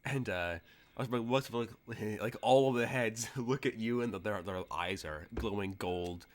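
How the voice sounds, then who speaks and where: A man's voice: lowish voice, a little slow. A man narrating as game master of a tabletop game, rambling with many fillers.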